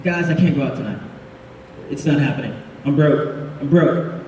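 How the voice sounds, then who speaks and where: A man's voice: a little high, moderate pace, darkish tone, a little hiss or hum, close to an everyday voice. A man voicing a broke young prodigal son who whines about his ruined life, in a big echoey hall. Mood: sheepish. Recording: echoey hall, speaker far from mic.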